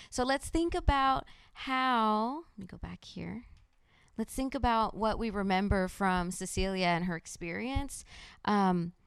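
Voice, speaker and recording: A woman with a smooth, clear voice leads a training workshop and moves the group from one activity to the next in an upbeat way. Her voice sounds close and dry, with little room sound. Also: medium pitch, dry recording. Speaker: workshop presenter. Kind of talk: presenting to a live room and online audience.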